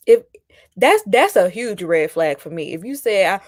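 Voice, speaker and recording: She speaks in a mid-range voice that is very animated, taking it slowly and pausing often, recorded at studio quality with no echo. As host of a casual reality-show live stream, she chats with viewers, reacts to their comments, and mockingly imitates people.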